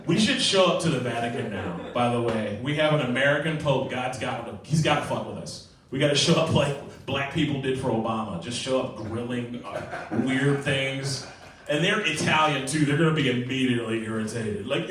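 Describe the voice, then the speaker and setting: A man's voice: medium pitch, fairly quick, slight background noise. A man in his forties doing a profane, brash stand-up set at an open mic. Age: 40s. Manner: brash, profane, lively, laughs at his own jokes. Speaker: stand-up comedian. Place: small comedy venue. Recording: echoey room, mic heard from far off.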